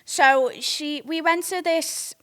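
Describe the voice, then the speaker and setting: A young woman from near Liverpool hosts a podcast and talks in a chatty, candid storytime style. Her voice sits a little high, and she swears freely and keeps asking her listeners if they follow. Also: slow, fairly bright tone. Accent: Northwest English. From near Liverpool, England. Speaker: podcast host. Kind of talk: casual storytime chat.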